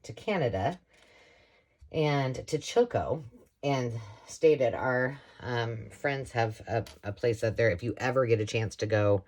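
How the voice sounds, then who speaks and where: A woman's voice: very deep voice, unhurried, darkish tone. Chatty woman crafting on camera. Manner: chatty, rambling, with frequent laughs. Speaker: craft vlogger. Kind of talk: casual chat while crafting.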